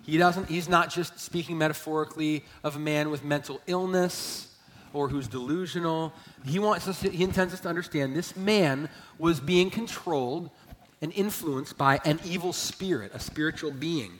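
A man preaching a sermon as a pastor, emphatic, swelling loud and then dropping low. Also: moderate pace, slight background noise. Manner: emphatic preaching, rising and falling in volume. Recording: long church hall reverb.

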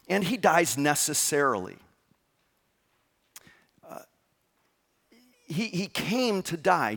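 A man preaching a sermon, emphatic and lively, often asking his listeners rhetorical questions. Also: on the high side. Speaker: pastor. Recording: long reverb of a large room.

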